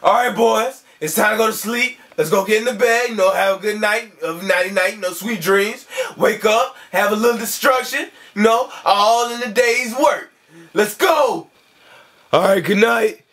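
A man's voice: high voice, moderate pace, fairly bright tone. A man voicing a cocky male bird gang leader who rambles boastfully in a puppet comedy skit. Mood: easygoing. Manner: boastful, rambling, says 'you know'.

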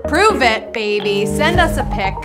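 A woman's voice: a little high, animated, measured pace, over loud music. A woman hosting a live word game show, talking in a playful, upbeat patter full of puns.

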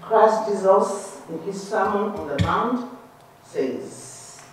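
A woman giving a religious lecture in a civic auditorium, expressive and shifting between soft and emphatic. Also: mid-range voice, takes it slowly, slight background noise. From Nigeria. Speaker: Christian Science lecturer. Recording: echoey hall from far off.

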